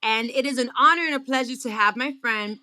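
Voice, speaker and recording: Bright-voiced bilingual woman host. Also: on the high side, fairly quick. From Miami. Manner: animated, effusive, slips into Spanish. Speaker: podcast host. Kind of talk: casual podcast chat.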